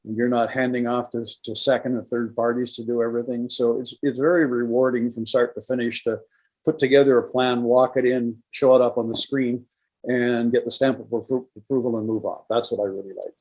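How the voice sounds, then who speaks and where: A man's voice: medium pitch, level tone, fairly quick, a little mellow, low-quality recording. Older man, enthusiastic retired radio veteran. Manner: enthusiastic, tells stories with quoted dialogue. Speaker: guest, retired radio professional. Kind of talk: casual interview conversation.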